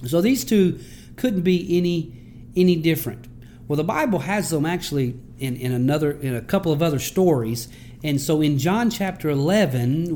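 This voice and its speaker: A man's voice: a little high, darkish tone, slight background noise. A man, a pastor, giving a conversational sermon and telling stories with frequent restarts.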